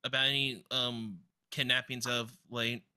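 Male player, very bright tense tone, hesitant with lots of ums. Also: medium pitch, level tone, a little slow, clear, resonant tone. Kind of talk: casual tabletop role-play.

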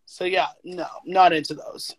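A young adult speaker in a casual interview, heated and emphatic, leaning on "like" and breaking into quick laughs. The recording is dry and close, with no room sound. The voice sits at a middling pitch. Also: husky, no echo. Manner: emphatic, animated, full of "like" fillers and quick laughs. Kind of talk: casual conversation.

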